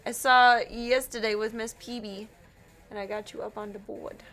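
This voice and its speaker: A woman's voice: mid-range voice, pushed and bright. A young woman live-streaming, chatting casually with a giggly, rambling, self-deprecating manner.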